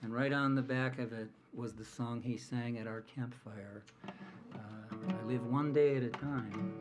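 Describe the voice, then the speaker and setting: A man from the American Midwest, a folk singer, telling a rambling, easygoing story on a small coffee house stage, with many filler pauses, over guitar. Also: mid-range voice, fairly even intonation. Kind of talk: onstage storytelling between songs. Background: guitar playing under the talk.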